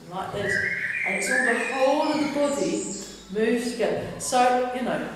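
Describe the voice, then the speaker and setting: A woman's voice: a little high, lively intonation, normal speed. A woman with a London accent teaching a tai chi class, chatty, often restarting her sentences. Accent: London English. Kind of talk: guiding a class through exercises. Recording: echoey hall, distant mic, loud background noise.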